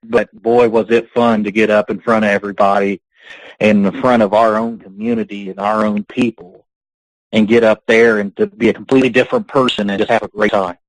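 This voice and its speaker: A man's voice: on the low side, level tone, a little fast, dry recording, poor audio. A man being interviewed on a podcast, telling long rambling stories and laughing between them. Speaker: guest, pro wrestler. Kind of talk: casual podcast interview storytelling.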